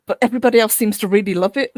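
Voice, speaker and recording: A British woman on a movie podcast, talking in a measured, informative way with frequent giggles. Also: medium pitch, darkish tone. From Britain. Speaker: podcast co-host. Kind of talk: casual movie discussion.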